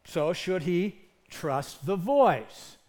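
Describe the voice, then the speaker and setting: A male pastor delivers a sermon in a fairly high voice that rises and falls a lot. He talks earnestly and leans hard on key points. He keeps asking the congregation rhetorical questions. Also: sing-song, drawn-out words, a little mellow.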